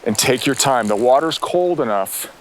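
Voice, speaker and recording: Excited man hosting a fishing show. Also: mid-range voice, normal speed, a little hiss or hum. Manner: enthusiastic, exclamatory. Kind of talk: excited on-the-water fishing instruction. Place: outdoors on a river, in a boat.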